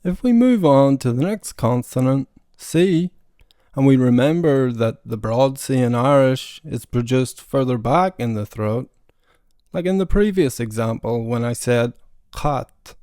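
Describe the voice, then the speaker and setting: Man, pronunciation lesson, repeats sounds to demonstrate, dark voice, dry close sound. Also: mid-range voice, lively intonation, a little slow, dry recording. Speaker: language learner teaching pronunciation.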